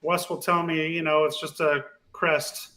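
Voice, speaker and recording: A man's voice: a little high, measured pace. A man speaking as a podcast guest, telling racing stories in a laid-back, casual way. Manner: laid-back storyteller, animated when retelling races. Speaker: guest, off-road racer.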